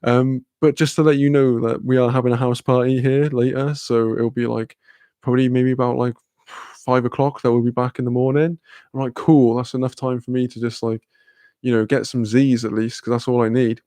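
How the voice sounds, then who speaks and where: A man's voice: mid-range voice, little pitch movement, brisk, dark tone, no room sound. A young man streaming, telling a rambling, sweary story with lots of fillers and laughs. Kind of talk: casual storytelling chat.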